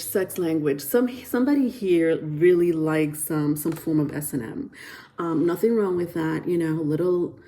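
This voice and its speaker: A woman's voice: low-pitched, dark tone. A woman giving a casual tarot reading to camera, chatty and rambling with lots of fillers and restarts, often breaking into giggles. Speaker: tarot reader.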